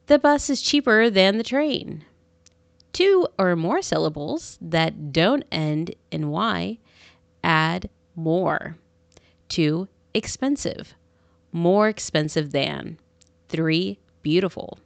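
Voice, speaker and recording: A woman reads out an English grammar lesson in a slow, deliberate drill cadence. Her voice sits low with a gravelly edge, and her pitch rises and falls widely. The sound is close and dry. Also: no echo. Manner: reads numbered examples in clear, careful drill cadence. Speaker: English teacher.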